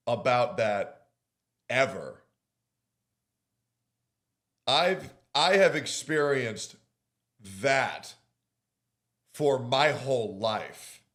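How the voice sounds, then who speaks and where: A male streamer reacting to videos, slow-paced but with a very animated, swooping pitch. He is blunt and slangy, cutting in often. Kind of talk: reaction commentary.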